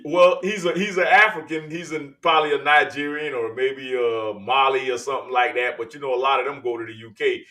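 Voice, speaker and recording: Bright, animated man hosting. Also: medium pitch, fairly quick, hardly any pauses. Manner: animated, slangy, talks to the audience as y'all. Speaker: podcast host. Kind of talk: casual reaction commentary.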